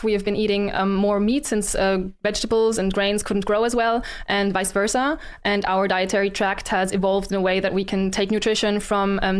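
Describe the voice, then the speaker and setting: A woman arguing a moral position in a debate, earnest and preachy, with frequent pauses and ums. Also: mid-range voice, clean tone. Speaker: vegan debater. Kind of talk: formal debate argument.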